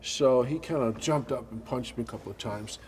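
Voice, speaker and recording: A man, his pitch sitting in the middle of the male range. He answers questions casually, with short deadpan lines and dry jokes. A faint noise runs under the voice. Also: a little fast. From Sweden. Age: 50s. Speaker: interviewee, actor. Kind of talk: casual interview chat. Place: indoors at a public venue.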